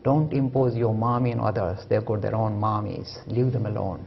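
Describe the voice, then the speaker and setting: A man's voice: fairly low pitch, fairly even intonation, normal speed, vocal fry, dull audio, slight background noise. A man giving a public lecture, storytelling with humor and emphatic delivery.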